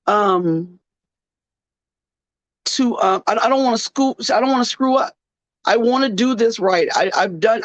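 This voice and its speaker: A tired woman hosting a faith-based talk show, speaking emotionally and haltingly with many restarts, close to tears. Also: mid-range voice, no room sound, poor audio. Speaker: radio show host.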